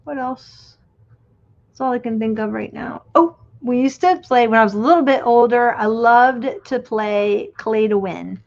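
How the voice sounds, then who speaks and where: A woman's voice: a little high, measured pace, creaky, darkish tone. A middle-aged woman chatting casually while she crafts on a livestream, reminiscing and trailing off as she works. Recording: dull lo-fi stream audio.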